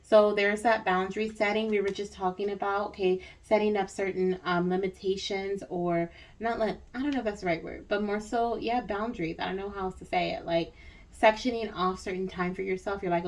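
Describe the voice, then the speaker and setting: A woman giving a spiritual reading in a relaxed, chatty way. She wanders through her thoughts with many fillers and tag questions, and her voice sits at an ordinary pitch. She is recorded from a little way off the mic. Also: a little fast, recorded from a distance. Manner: rambling, reassuring, frequent fillers and tag questions. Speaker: spiritual reader.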